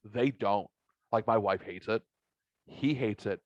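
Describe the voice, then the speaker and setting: A man co-hosting a casual podcast, telling animated stories, acting out other people's voices and swearing freely. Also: on the low side, a little slow, no echo. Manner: animated storyteller, acts out quoted voices, swears. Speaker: podcast co-host. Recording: dull, dry lo-fi recording.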